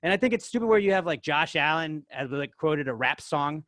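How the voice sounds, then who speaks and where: A man's voice: a little high, lively intonation, fairly quick, a bit bright, no echo, clean studio sound. A man co-hosting a podcast, rambling through filler-heavy casual chat and getting worked up. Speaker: podcast co-host.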